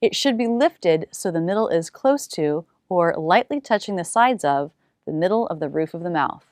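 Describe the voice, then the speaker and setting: Woman teacher drilling sounds slowly. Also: lowish voice, lively intonation, darkish tone, no echo, clean studio sound. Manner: slow, exaggerated demonstration of single sounds. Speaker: pronunciation teacher. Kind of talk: English pronunciation lesson.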